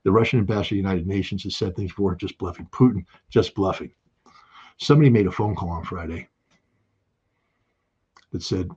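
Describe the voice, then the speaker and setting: A man giving impassioned spoken commentary, emphatic and forceful, hammering home key phrases by repeating them. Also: on the low side, husky, highs cut off. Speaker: political commentator.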